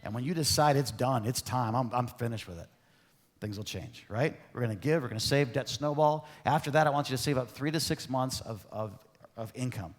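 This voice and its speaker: A man preaching a sermon as pastor, animated and conversational, often asking the congregation questions. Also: medium pitch, fairly quick. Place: church sanctuary. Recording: long reverb of a church hall.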